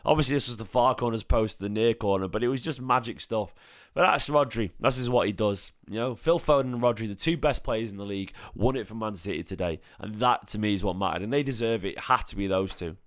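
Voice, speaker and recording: A man hosting a live-stream fan chat, slightly hoarse from singing, excitable and emotional, repeating his phrases. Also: lowish voice, fast, dry recording, studio quality. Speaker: fan channel host.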